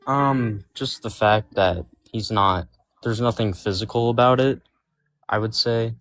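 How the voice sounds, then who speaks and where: Twenties male caller, lowish voice, hesitant, faint guitar behind. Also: a bit bright. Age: 20s. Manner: hesitant, halting with fillers. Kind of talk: casual conversation.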